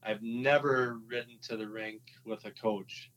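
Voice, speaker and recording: A man with a mid-range voice, once a hockey player, relates his story in a relaxed interview. He speaks with a Minnesotan accent and stops and restarts often amid many fillers, and the recording is rough.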